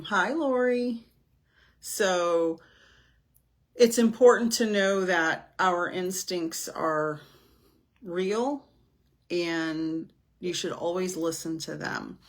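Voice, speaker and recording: A woman, a psychic medium, chatting casually on a livestream, rambling with many pauses and fillers, with a slight headache from the heat. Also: lowish voice. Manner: slow, rambling, with many "um"s and greetings to viewers. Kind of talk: casual livestream chat with viewers. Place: indoors in Florida. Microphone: camera.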